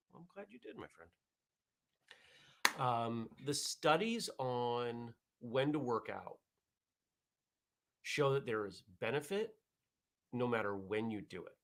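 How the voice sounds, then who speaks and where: Male vlog host, gravelly, laid-back rambling chat, mid pitch. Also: takes it slowly, pauses often. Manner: relaxed, rambling, chatty with fillers. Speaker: host of a morning vlog show. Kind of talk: casual chat reading viewer comments.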